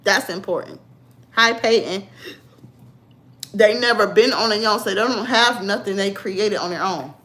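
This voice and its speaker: A woman's voice: mid-range voice, measured pace, pauses often, a bit bright. Blunt sassy woman chatting to her viewers. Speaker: livestream vlogger. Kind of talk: casual livestream chat.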